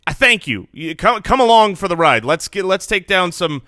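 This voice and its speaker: Bright, smooth male podcast co-host. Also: high voice, very animated, moderate pace, dry recording, clean studio sound. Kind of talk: casual podcast chat.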